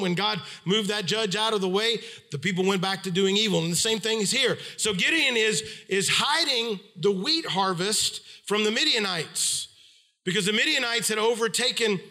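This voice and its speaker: A middle-aged man preaching a sermon, retelling a scripture story and acting out the voices of its people. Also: pushed and bright. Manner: storytelling, acts out quoted voices with pitch swings.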